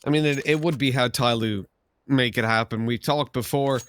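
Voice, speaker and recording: A man doing play-by-play esports commentary, joking and getting excited on big plays. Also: mid-range voice, moderate pace.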